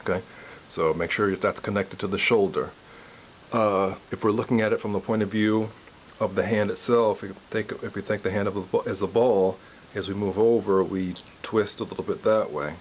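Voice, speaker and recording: A man giving a piano lesson, calmly explaining step by step and counting aloud. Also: fairly low pitch, moderate pace, slight background noise. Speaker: piano teacher. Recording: dull lo-fi audio with loud piano.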